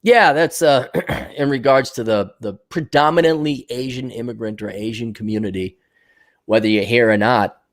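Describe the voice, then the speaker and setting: An American man in his forties runs a livestream where he answers viewers' questions in a sarcastic, foul-mouthed, blunt rant, mimicking people's voices to mock them. He speaks at medium pitch and normal speed.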